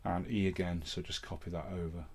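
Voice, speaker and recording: A man with an English Midlands accent who teaches music production, talking step by step through a screen-recorded software tutorial. He speaks in a plain, matter-of-fact way into a close vocal mic in a home studio. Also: sits low, level tone, fairly quick. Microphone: vocal mic set up close and loud.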